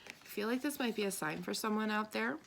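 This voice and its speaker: A woman's voice: medium pitch, brisk, vocal fry, fairly bright tone. Emphatic woman giving a spiritual reading. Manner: emphatic, blunt, swears for emphasis. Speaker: tarot reader. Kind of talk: spiritual reading to a live audience.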